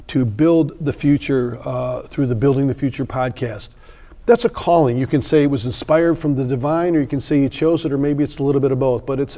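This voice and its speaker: A man in his fifties, a sales trainer on a podcast, telling stories in an animated way and acting out the voices. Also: a little high. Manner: animated storyteller, acts out voices. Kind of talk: podcast interview storytelling.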